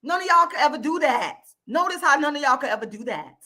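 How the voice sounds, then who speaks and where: A woman from Florida, hosting her own channel and ranting angrily into the camera with loud, profane, repetitive emphasis. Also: sits high, animated, quick pace. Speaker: YouTube channel host. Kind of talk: angry direct-to-camera rant.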